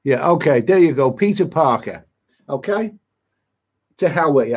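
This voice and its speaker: A husky-voiced man rambles through a live stream, chatting with his viewers. He repeats himself and restarts his words. The stream audio is dull and lo-fi. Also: mid-range voice, animated, a little slow. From Britain. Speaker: travel vlogger hosting a live chat. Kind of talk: live-stream chat, reading viewer comments.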